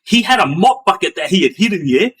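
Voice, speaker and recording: A man telling a story in a loose, rambling way, with many fillers and restarts, acting out the action with bangs and booms. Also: fast talker. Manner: animated, acts out sounds with bangs and booms. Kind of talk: casual spoken storytelling.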